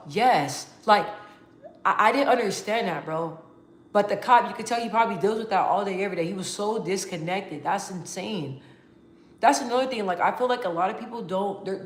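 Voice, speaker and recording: A woman vlogging casually to her viewers, talking in an animated, emphatic way with slang and frequent restarts. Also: mid-range voice, reverberant. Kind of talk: casual talk to camera.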